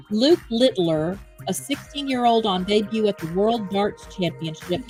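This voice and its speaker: Chatty woman hosting a livestream. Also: mid-range voice. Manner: chatty, rambling, reads viewer comments and news aloud. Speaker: livestream host. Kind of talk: casual chat.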